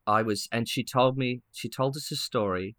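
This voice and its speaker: A man co-hosting a podcast, telling a story in a lively, casual way with many restarts and acted-out quotes. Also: medium pitch, normal speed, dry recording, clean studio sound. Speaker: podcast co-host.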